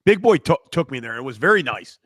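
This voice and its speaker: Man, podcast co-host, animated rise and fall, asks follow-ups, dry close mic. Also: medium pitch, fairly quick, dry recording. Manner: prodding questions, short reactions. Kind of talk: casual podcast chat.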